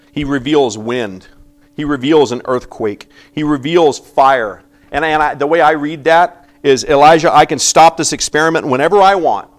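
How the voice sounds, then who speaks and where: A man preaching a sermon, reading scripture aloud and acting out the voices in it, swinging from loud emphasis to quiet asides. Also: mid-range voice. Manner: animated preaching, acting out biblical voices with sudden quiet drops. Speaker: pastor.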